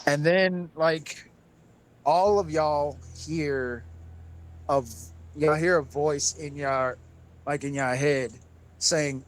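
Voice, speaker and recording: Man, game master, unhurried and loose, trails and repeats phrases. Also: on the high side, soft background music, poor audio. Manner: casual, repeats himself and restarts often. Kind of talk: narrating a tabletop game.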